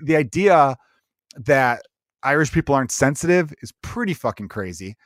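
Guy, podcast host, rambling and profane, mid-pitched, very dry close sound. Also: animated, normal speed, dry recording. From Chicago's South Side, USA. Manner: rambling, profane, acts out quotes in voices. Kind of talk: casual comedic chat.

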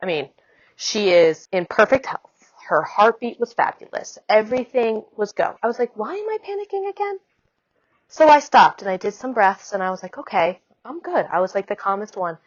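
A woman's voice: mid-range voice, no room sound. Brief: woman, thirties, chatty storyteller, dry close sound, a bit muffled. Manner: chatty, animated, quick asides with "like". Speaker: mother telling her birth story. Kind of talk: casual storytelling.

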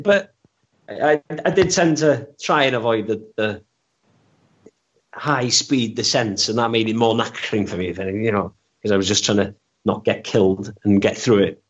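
Male guest, low-pitched, loose self-deprecating storyteller with stumbling restarts; muffled recording. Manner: rambling, self-deprecating, stammers and restarts often. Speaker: interview guest. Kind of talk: casual storytelling interview. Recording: dull lo-fi recording.

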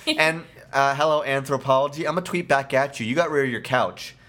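A man's voice: medium pitch, a little fast, fairly bright tone. A man co-hosting a casual podcast chat, telling a story with goofy jokes. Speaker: podcast co-host.

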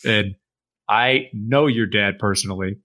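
A man's voice: fairly low pitch, a little slow, bright, forceful tone. A man co-hosting a podcast, chiming in with reactions and laughing in casual chat. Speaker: podcast co-host.

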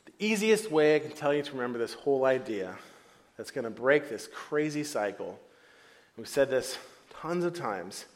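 A man preaching a sermon as pastor in a church, playful and animated, acting out the voices he quotes. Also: fairly high pitch. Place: church hall before a congregation.

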